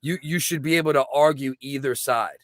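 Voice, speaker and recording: Brisk and mid-range in voice, an adult married man co-hosts a comedy podcast, captured in clean studio sound with no room tone. The casual conversation finds him chatty and easygoing, regularly slipping in "you know what I mean" as he talks it through.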